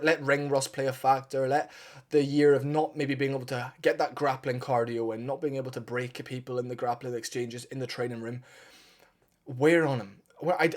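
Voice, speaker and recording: A man talking through an upcoming fight in a loose, unscripted way. He is blunt and partisan, swears freely and talks himself into strong opinions as he goes. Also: mid-range voice. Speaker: MMA fight analyst. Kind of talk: casual opinionated fight breakdown.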